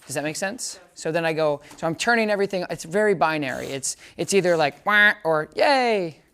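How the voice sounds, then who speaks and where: A woman dog trainer with a deep, smooth voice talks fast through a hands-on lesson, casual and chatty. She keeps asking "does that make sense?" and breaks into short, upbeat praise commands for the dog.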